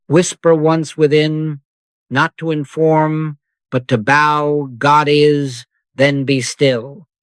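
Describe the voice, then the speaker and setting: Male spiritual teacher, slow measured sermon delivery, short solemn phrases, dry close sound. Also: mid-range voice, a bit bright, dry recording. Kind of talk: scripted meditative sermon.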